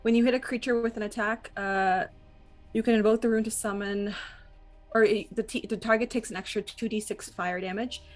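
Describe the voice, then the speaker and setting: A woman's voice: a little high, fairly even intonation, a little fast, soft background music. A woman playing a tabletop role-playing game, hesitant and full of fillers as she checks her character's rules. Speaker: player.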